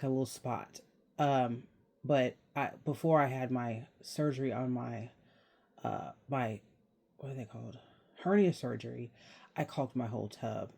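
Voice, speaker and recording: Young adult man, vlog host, casual rambling chat, mid-pitched, laughs now and then. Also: warm tone. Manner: rambling, chatty, laughs while talking. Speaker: channel host.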